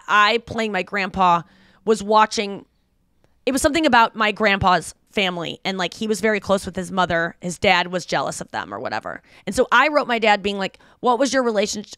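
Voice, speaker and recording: A woman's voice: medium pitch, fairly quick, dry recording, studio quality. A woman in her thirties hosting a podcast, telling a story in casual chat and acting out the voices of the people in it. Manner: animated storytelling, acts out quoted voices. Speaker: podcast host.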